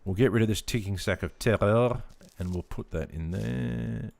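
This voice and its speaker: A man's voice: fairly low pitch, normal speed, creaky, darkish tone. Laughing man streaming a game. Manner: laughs often, chats to viewers while playing. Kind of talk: casual live-stream chat. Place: home room.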